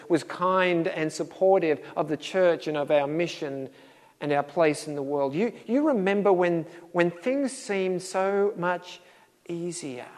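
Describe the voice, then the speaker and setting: A man's voice: fairly high pitch, in a large hall. A middle-aged man preaching a sermon in a conversational way, acting out little dialogues with a chuckle. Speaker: pastor.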